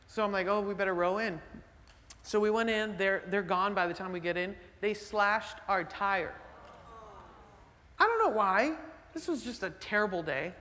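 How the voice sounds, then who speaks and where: A male pastor preaching a sermon in a conversational, animated storytelling way, full of fillers and restarts. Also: sits high, moderate pace, in a large hall. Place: church sanctuary.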